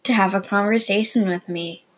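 A woman with a breathy, husky voice teaches beginner Spanish on her podcast. She talks casually and explains things plainly. She often drops into soft, murmured asides. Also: medium pitch, steady tone, normal speed, low-quality recording. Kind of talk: casual beginner language lesson.

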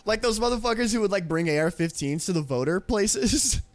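A man's voice: sits high, expressive. A young man in casual podcast banter, laughing a lot and tossing in profane jokes. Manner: laughs a lot, profane, quick jokey interjections. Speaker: podcast co-host. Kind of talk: casual chat.

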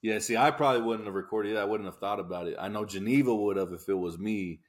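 A man cohosting a podcast in relaxed, agreeable casual chat. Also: lowish voice, quick pace.

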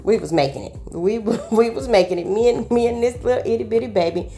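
A woman sharing a personal faith testimony, animated and preachy, full of amens and call-outs to her listeners. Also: fairly high pitch, fast talker.

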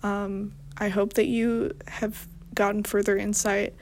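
A young woman hosting a show, talking in a rambling, casual monologue with strong vocal fry and deadpan, self-mocking humor. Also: mid-range voice, a little slow. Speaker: podcast host.

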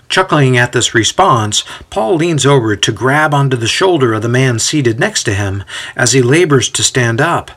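A man giving a measured, scripted story narration. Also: mid-range voice, expressive, fairly bright tone.

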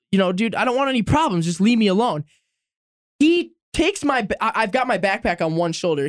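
On a podcast, a young male guest tells friends a long, profane anecdote in a casual storytelling style. His voice is high-pitched and fairly bright, recorded at studio quality with no echo.

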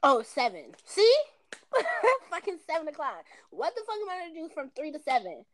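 A woman's voice: sits high, huge pitch swings, moderate pace. A woman in her twenties talking on a phone call in a rambling, casual way, swearing often and filling with "like". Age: 20s.

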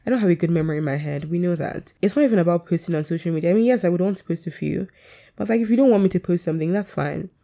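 A woman hosting her own podcast, talking fast in a candid, rambling way and swearing freely. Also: lowish voice, mellow. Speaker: podcast host. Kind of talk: casual solo podcast chat.

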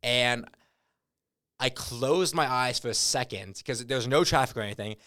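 Brief: young male co-host, mid-pitched, rambling deadpan storyteller, dry close-mic sound. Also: moderate pace, dry recording. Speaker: podcast co-host. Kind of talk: casual chat.

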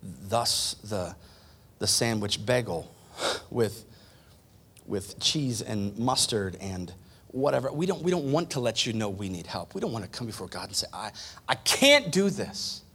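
A man preaching a sermon as pastor, repeating phrases for emphasis and swinging from loud declarations to hushed near-whispers. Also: fairly low pitch, expressive, a little slow, slightly rough.

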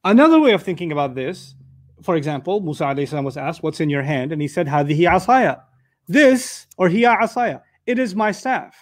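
A man with a high-pitched voice teaches a lesson on Quran verses. He explains patiently, poses rhetorical questions, works through everyday examples and breaks into Arabic recitation. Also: sing-song, fairly quick.

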